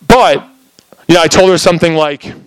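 Animated man telling a testimony. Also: on the high side, fairly quick, smooth, no echo, rough recording. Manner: animated storytelling, many "like" fillers. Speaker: preacher giving a testimony. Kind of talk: casual sermon testimony.

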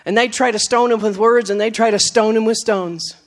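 A woman preacher giving a sermon, telling stories with acted quotes, moving from emphatic lines to soft, low asides. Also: steady tone, a little fast. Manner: storytelling, with acted quotes and laughs.

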